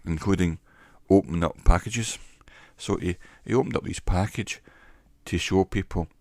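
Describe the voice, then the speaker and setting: A man, a former salesman, telling a wry story to camera in a slow, deliberate way on a cheap microphone. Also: sits low, darkish tone, no room sound, clean studio sound. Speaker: vlogger. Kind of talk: casual monologue to camera.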